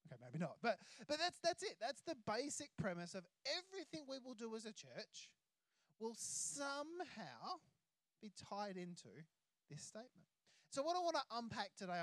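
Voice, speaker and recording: An Australian pastor preaching a sermon, emphatic, stretching key words out slowly. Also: medium pitch, dry recording.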